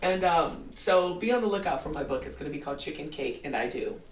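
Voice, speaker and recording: A woman's voice: deep voice, fast talker, a crowd in the background. A woman in her forties telling her life story as a podcast guest, laughing often and acting out what people said. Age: 40s. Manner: animated storyteller who acts out quotes and laughs often. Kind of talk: casual storytelling in an interview. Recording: roomy, distant mic.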